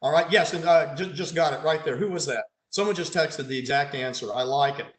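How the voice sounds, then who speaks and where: A man's voice: fairly high pitch, fairly quick. A man, a pathologist, leads an online case conference over slides, quizzing his audience and adding dry, sarcastic asides. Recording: roomy echo.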